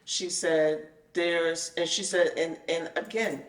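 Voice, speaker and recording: Animated storytelling woman in a roomy space. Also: on the low side, slow. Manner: animated, acts out the conversations she retells. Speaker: guest telling her experience. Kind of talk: casual storytelling. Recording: roomy sound, mic at a distance.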